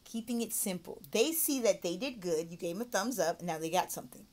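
In a mock online English lesson, a woman with a fairly low, slightly mellow voice and lively intonation alternates between explaining things to viewers and a sing-song voice that models praise and phrases for young learners. She draws her model phrases out slowly, and there's a little background noise.

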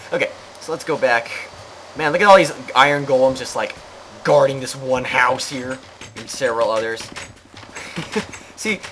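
A man's voice: mid-range voice, a bit bright, poor audio. A man hosting a let's play, rambling and joking to himself as he plays, self-mocking and chatty. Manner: rambling, jokey, self-mocking, talks to himself while playing. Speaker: gaming channel host. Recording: clear background noise.

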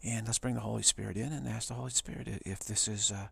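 A man, a spiritual teacher, giving a reflective talk in a musing, soft way, sometimes dropping into a whisper. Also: fairly low pitch, steady tone, quick pace, gravelly, husky.

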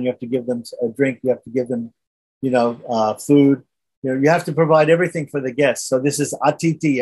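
A man with a husky, somewhat high voice leads a scripture class. He retells the story in a relaxed, conversational manner and keeps asking his listeners "right?". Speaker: religious teacher.

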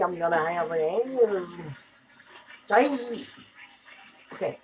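A woman doing let's play commentary, exasperated and swearing, with loud outbursts. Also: fairly low pitch, lively intonation, normal speed, a little hiss or hum, rough recording. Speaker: gameplay video creator.

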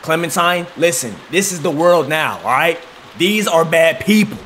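A man streaming a horror game, reacting loudly and talking along with the characters. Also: fairly high pitch, lively intonation, normal speed, slight background noise. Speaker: gaming streamer. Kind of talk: let's play commentary.

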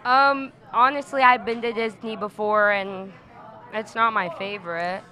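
A woman's voice: medium pitch, fairly even intonation, a little slow, sharp tone, low-quality recording. A teenage girl cheerleader being interviewed, cracking cheeky jokes. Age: teens. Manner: cheeky, wisecracking. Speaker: guest, cheerleader. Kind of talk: casual interview chat.

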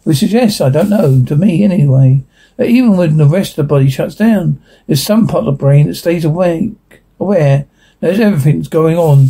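A man reading a drama script aloud, voicing every part and reading out the sound cues in a plain, flat way. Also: a little high, moderate pace, slightly rough. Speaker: reader of a drama transcript.

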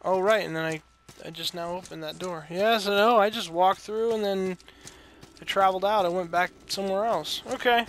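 A man's voice: high voice, moderate pace, a bit bright. A man commentating his own video game play, talking to himself, reading game text aloud and yelping and groaning at setbacks into a desk microphone. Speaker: let's play host. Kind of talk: gameplay commentary.

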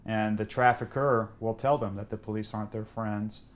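A male police officer speaks in a measured, explanatory way during an interview. His voice sits low and stays flat, with little rise and fall.

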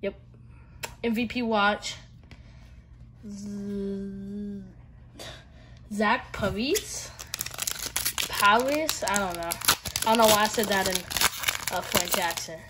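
A woman's voice: medium pitch, moderate pace, pauses often. A woman with a Southern US accent chats easily with her viewers, leaning on fillers as she goes. A faint hiss sits under her voice, with wrappers crinkling close by. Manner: chatty, filler-heavy, talking to viewers. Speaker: card-opening vlogger. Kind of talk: casual pack-opening chat.

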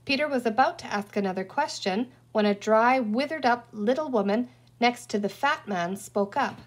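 A woman reading a children's novel aloud with expressive storytelling. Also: on the high side, moderate pace, few pauses. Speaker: audiobook reader. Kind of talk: children's book read aloud.

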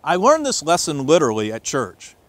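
A man preaching as a pastor, reading scripture aloud and telling stories in an expressive way, swinging between loud and hushed. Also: on the high side, fairly quick, no room sound.

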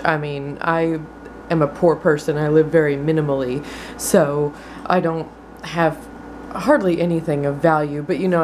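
A woman's voice: lowish voice, a little mellow, a little hiss or hum. A young woman vlogging in a chatty, exasperated way, full of filler words. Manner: chatty, exasperated, many likes. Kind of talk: casual vlog chat.

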